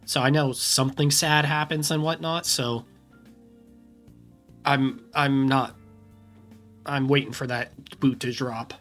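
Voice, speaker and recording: A man's voice: medium pitch, fairly even intonation, slow pace, pauses often, fairly bright tone, faint music behind. A man streaming his reactions to a video, tossing in short, profane remarks. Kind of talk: casual reaction commentary.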